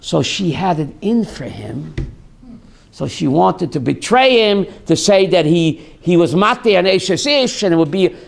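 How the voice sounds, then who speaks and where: A man's voice: high voice, animated, a little slow, creaky. A rabbi lecturing a class, telling dramatic stories and asking his listeners questions. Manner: storytelling, asks the audience questions and answers them; dramatic, voices screaming characters in quotes.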